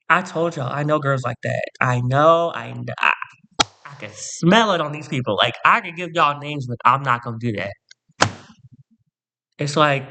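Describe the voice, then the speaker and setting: Sassy, bright-voiced man ranting. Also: a little high. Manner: sassy, profane, dramatic. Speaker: vlogger. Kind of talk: storytime rant to camera.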